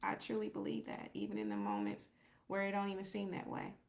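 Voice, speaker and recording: A woman's voice: medium pitch, sing-song, fairly quick, vocal fry. A woman hosting a podcast livestream, speaking in a loose, reflective way, thinking aloud and reading out viewer comments. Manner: reflective, faith-centered, reads out viewer comments; loose, conversational, repeats herself and thinks aloud. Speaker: podcast host. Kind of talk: casual livestream chat with viewers.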